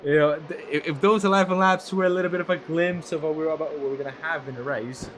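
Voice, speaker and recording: A man's voice: on the high side, fast, a little hiss or hum. A man doing play-by-play commentary on an online racing league, getting worked up when the field crashes. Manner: excitable, voice climbs when cars crash. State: losing his voice. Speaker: lead commentator.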